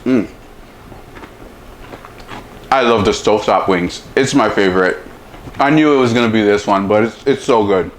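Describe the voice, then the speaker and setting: This cooking show host, a chef with a lowish voice, eases through a casual demo and taste test, mouth full as he talks and humming over every bite. The delivery is slow and relaxed, and a little hiss or hum runs underneath.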